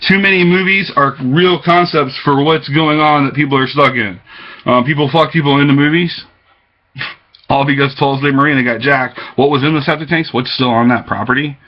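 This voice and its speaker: Man, agitated rambling webcam monologue, fairly high voice, muffled webcam mic. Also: fairly even intonation, moderate pace. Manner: agitated, rambling, jumps between topics. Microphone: webcam microphone. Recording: dull lo-fi webcam audio.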